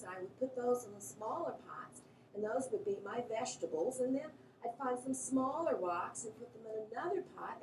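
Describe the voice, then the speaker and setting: A woman telling a funny story from her childhood in a lively, animated way, her voice jumping up at the exciting parts. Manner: animated storytelling, pitch jumps at exciting moments. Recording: roomy echo, slightly distant mic, faint background hiss.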